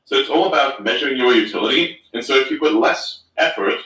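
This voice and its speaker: Male host of an online chat, loose, profane, rambling delivery; bright tone, roomy distant audio. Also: mid-range voice, fast talker. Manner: rambling, swears, many fillers. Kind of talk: casual chat.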